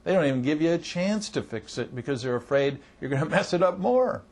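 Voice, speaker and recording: A man's voice: a little high, animated, fairly quick, a little mellow. A middle-aged man coaching auto service writers in a conversational training talk, acting out what customers and staff say. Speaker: marketing coach.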